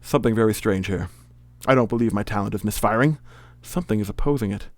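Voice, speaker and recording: A man voicing a haughty evil male magician in a Scottish accent, Sean Connery style, with stately, drawn-out, lecturing speech. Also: on the low side, no echo, lightly acted. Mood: lordly.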